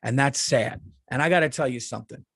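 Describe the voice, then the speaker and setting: A man's voice: mid-range voice, brisk, creaky, fairly bright tone, husky, dry recording, clean studio sound. A middle-aged man, a comedian hosting his podcast, ranting in a casual, profane monologue and often repeating himself.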